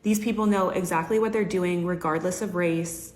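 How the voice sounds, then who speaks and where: A woman's voice: fairly low pitch, steady tone, moderate pace, darkish tone. A woman giving an indignant, emphatic reaction commentary. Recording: roomy echo.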